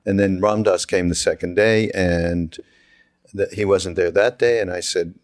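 An older man from Canada with a deep, low voice tells stories in a relaxed conversation. He acts out the quotes in his anecdotes and often breaks into laughter. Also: moderate pace. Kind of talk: casual storytelling conversation.

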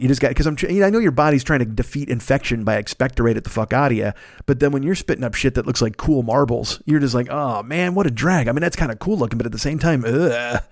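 A man's voice: medium pitch, no echo, clean studio sound. Crude rambling man in his fifties. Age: 50s. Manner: rambling, crude and animated, jumps into mocking voices. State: recovering from a cold, phlegmy. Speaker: podcast host. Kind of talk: profane comic monologue.

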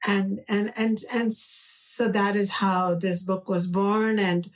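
A woman with an Indian accent, an author being interviewed, speaking in a slow, reflective and earnest way. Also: mid-range voice, flat delivery, recorded from a distance. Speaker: author guest. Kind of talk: conversational interview.

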